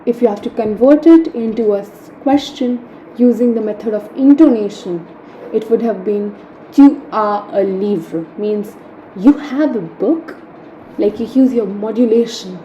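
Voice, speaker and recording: Woman, young, patient grammar teacher, repeats key points, slightly high voice, roomy echo. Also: moderate pace, lo-fi sound. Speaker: French teacher. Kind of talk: explaining grammar step by step. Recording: echoey room, faint hum.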